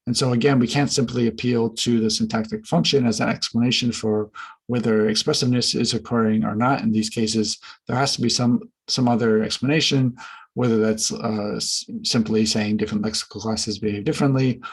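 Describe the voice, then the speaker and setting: A man presenting research findings in an academic conference talk, measured and careful, with frequent fillers and restarts. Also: mid-range voice, fairly even intonation, breathy edge, poor audio.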